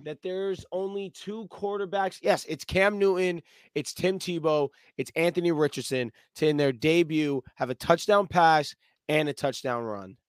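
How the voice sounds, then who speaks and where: A man co-hosting a sports podcast in casual chat, animated and boisterous, swearing and acting out plays with sound effects. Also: fairly high pitch, normal speed, clean tone, no room sound. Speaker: podcast co-host.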